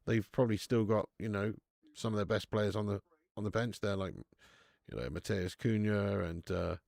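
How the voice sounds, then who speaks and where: Creaky-voiced lad hosting a watch-along. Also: male voice, fairly low pitch, normal speed, darkish tone, dry recording. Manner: casual, chatty, banters with viewers, swears. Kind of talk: live football watch-along commentary and chat reading.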